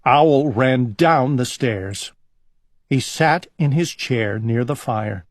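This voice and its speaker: A man reading a children's storybook aloud in a calm, gentle, unhurried way. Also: mid-range voice, no echo, studio quality.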